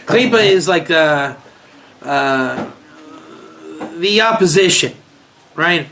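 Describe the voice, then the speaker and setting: A man's voice: fairly high pitch, animated, takes it slowly, fairly bright tone, faint music behind. A man with a South African accent, a rabbi telling a rambling story in a casual class, chuckling and restarting his sentences.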